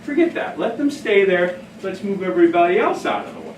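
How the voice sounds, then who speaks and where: A man with a fairly high voice runs a training workshop, telling stories in a casual, self-mocking way. He is picked up from across an echoey room. A faint hum of room noise sits behind him. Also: expressive, fairly quick. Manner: casual, anecdotal, laughs at own stories. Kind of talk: workshop talk. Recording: echoey room, heard from a distance.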